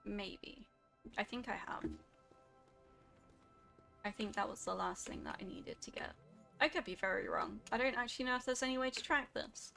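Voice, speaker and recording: Woman, streamer, chatty and animated, bright tense voice, gravelly fry, faint music behind. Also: on the high side, moderate pace, long pauses. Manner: chatty, animated, reacting to chat. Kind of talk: casual gameplay chat with chat.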